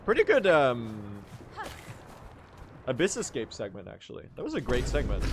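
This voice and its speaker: A man's voice: a little high, wildly swooping pitch, moderate pace, music in the background. A young man chatting casually on a speedrun stream, self-mocking and laughing often. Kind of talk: casual live-stream chat.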